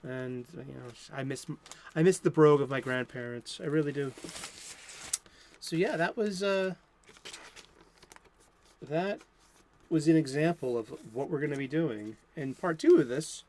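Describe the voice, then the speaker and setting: Male comic book host, unscripted home chat, rambling and upbeat, lo-fi sound, voice sits a little high. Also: unhurried, pauses often, darkish tone, a little hiss or hum. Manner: rambling, enthusiastic, many restarts and fillers. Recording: lo-fi home recording.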